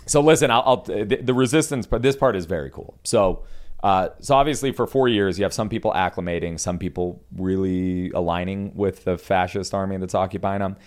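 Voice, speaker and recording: Deep-voiced man telling history jokingly. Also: brisk. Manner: animated storytelling, jumps into silly voices. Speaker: comedian podcast host. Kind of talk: casual comedic history chat.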